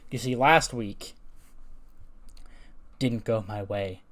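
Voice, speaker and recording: A man voicing a haughty female wrestler who speaks like a queen, slow and imperious. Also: on the low side, a bit bright.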